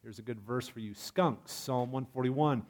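A man preaching a sermon in a lively, humorous way, asking his congregation questions. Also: medium pitch, normal speed. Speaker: pastor.

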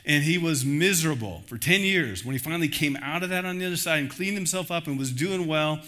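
A man pastor preaching a sermon in an animated way, acting out the voices he quotes. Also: fairly high pitch, fairly quick.

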